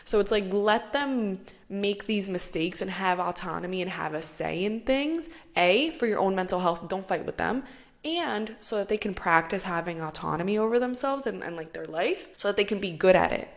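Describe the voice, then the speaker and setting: A woman's voice: medium pitch, expressive, moderate pace. Casual young female podcast host, chatty, filler-heavy, mid-range voice.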